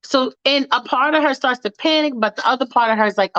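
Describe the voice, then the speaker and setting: A woman's voice: high voice, quick pace, hardly any pauses, a bit bright. A woman from New York, a podcast host telling a freestyle story in a chatty, sassy way with plenty of cursing. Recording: dull lo-fi dry recording.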